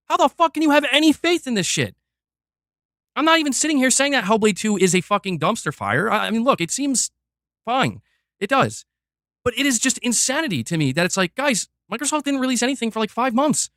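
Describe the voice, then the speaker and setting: Male gaming ranter, high lively voice, heated and profane. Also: dry recording, studio quality. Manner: fiery, exasperated, profane, talks fast in bursts. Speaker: gaming commentator reacting to a video. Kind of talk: heated reaction rant.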